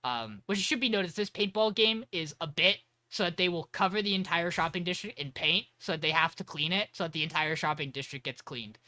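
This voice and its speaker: Profane, excitable young man recapping. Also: a little high, a little fast, few pauses. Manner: rambling, profane, excitable storytelling. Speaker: anime podcast panelist. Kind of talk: casual episode recap.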